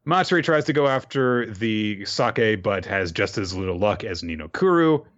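A man with a fairly low voice talks through an episode recap in a loose, chatty way, chuckling at the scenes as he goes. The recording sounds dull and lo-fi. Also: lively intonation, moderate pace, a bit bright. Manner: chatty, laughs while retelling scenes. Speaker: podcast host recapping an anime episode. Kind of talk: casual recap.

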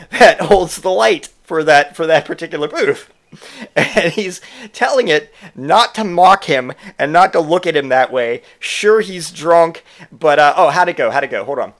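A man's voice: on the high side, fairly bright tone. A young man casually telling a comic story, swearing freely and acting out the voices of the people he quotes.

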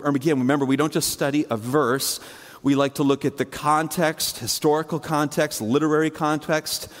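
Pastor with a hall echo, higher voice. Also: male voice. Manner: conversational, imaginative storytelling with many fillers; swings between hushed low and raised high delivery. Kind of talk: sermon.

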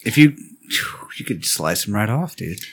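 A man's voice: lowish voice, big pitch swings, normal speed, breathy edge. A young man co-hosting a podcast, wisecracking in casual chat. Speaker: podcast co-host.

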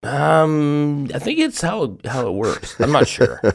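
A man's voice: on the high side, big pitch swings, slow pace, vocal fry. A man hosting a casual podcast, joking around and stumbling over restarts. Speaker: podcast host. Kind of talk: casual chat.

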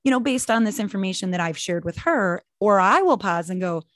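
A woman's voice: medium pitch, animated, a little fast, a bit bright, no echo, studio quality. A woman in her forties co-hosting a casual faith podcast, telling stories animatedly and acting out quotes. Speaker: podcast co-host.

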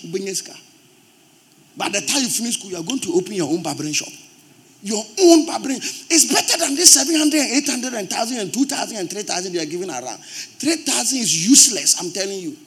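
High-voiced Ghanaian pastor preaching emphatically. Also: male voice. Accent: Ghanaian English. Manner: forceful, emphatic preaching that swells to loud outbursts. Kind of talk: sermon. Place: church.

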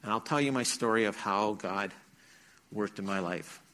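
A fairly low, bright, forceful voice at a moderate pace belongs to a middle-aged man preaching to church teens. He recounts his testimony with earnest storytelling and acts out the quoted lines.

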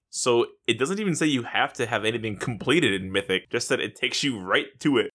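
A man hosting a casual gaming podcast, animated and profane. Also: mid-range voice, brisk, hardly any pauses, breathy edge. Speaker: podcast host.

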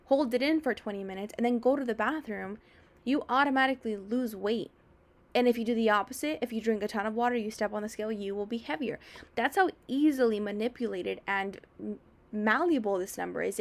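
Upbeat woman host giving fitness advice. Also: on the high side. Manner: energetic, acts out clients' inner voices. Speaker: podcast host and fitness coach. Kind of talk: casual advice monologue.

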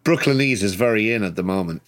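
A man's voice: lowish voice, lively intonation, fast, a little hiss or hum, lightly acted. A man playing a laid-back 1940s ladies' man detective in a tabletop game, easygoing and drawling. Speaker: player.

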